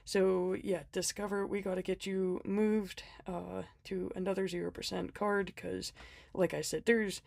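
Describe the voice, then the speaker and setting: Sick and short of breath, this planner vlogger chats through her budget planner with frequent ums, little laughs and self-mocking asides. Her medium-pitched voice is gravelly and a bit mellow, delivered flatly at a measured pace in a clean, echo-free studio recording.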